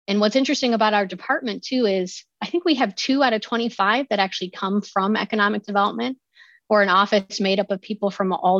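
A woman's voice: medium pitch, no room sound. Upbeat Midwestern woman, dull dry sound. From Ohio. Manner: upbeat and promotional. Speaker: guest, county economic development official. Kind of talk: interview answers.

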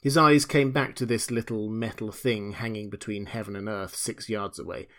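A man narrating a classic novel as an audiobook, in a measured, dramatic storytelling manner. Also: lowish voice, steady tone, fairly bright tone.

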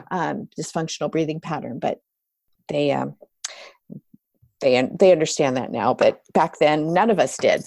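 A middle-aged woman, a yoga therapist, explaining breathing work in a relaxed interview, with many restarts and fillers. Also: low-pitched, vocal fry, dry recording. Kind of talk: conversational interview.

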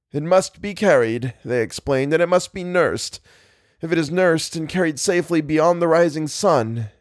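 A man voicing a frightened, broken scholar who speaks in halting, faltering, sobbing phrases. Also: a little high, no echo, studio quality, voice pushed up, close to an everyday voice. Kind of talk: audiobook character voice.

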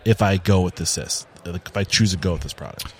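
A man's voice: low voice, fast, slight background noise. A man hosting a casual interview podcast, asking loosely worded questions and chiming in with short affirmations. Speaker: podcast host.

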